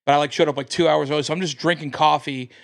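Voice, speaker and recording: Animated American man telling a story. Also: on the high side, racing, gravelly. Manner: animated, acts out quoted voices. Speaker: comedian guest. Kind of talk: casual podcast storytelling.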